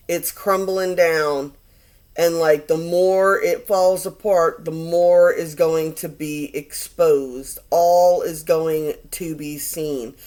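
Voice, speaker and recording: A woman giving a casual tarot reading in a rambling, conversational way. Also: lowish voice. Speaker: tarot reader.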